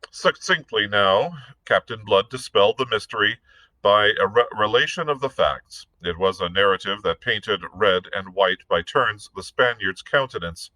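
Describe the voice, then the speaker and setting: A male librarian reads a classic adventure novel aloud, narrating at a steady pace. His voice is fairly low but bright and forceful. The sound is close and dry. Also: normal speed, no echo, low-quality recording. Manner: steady narration with occasional small slips. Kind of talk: read-aloud storytelling.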